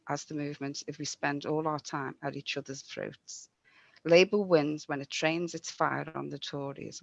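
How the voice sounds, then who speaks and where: A woman's voice: low voice, vocal fry, fairly bright tone, no room sound. A woman giving an earnest, rallying campaign speech over a video call. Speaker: mayoral candidate. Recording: dry, dull lo-fi sound.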